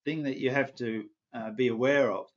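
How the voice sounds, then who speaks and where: A man voicing an old village elder in a parable, who speaks in a measured, warning way. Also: medium pitch, steady tone, muffled recording, close to an everyday voice.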